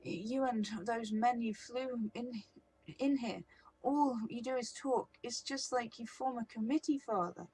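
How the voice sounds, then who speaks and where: A woman doing a rebellious young daughter from a role-playing game, upset and urgent, her voice raised and a little higher as she argues back. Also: measured pace, darkish tone, husky. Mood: defiant.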